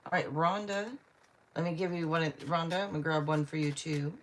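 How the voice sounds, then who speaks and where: A chatty woman with a low voice gives a live tarot reading, talking to viewers by name and laughing often. A faint hum of noise sits behind her. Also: a little fast. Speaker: tarot reader.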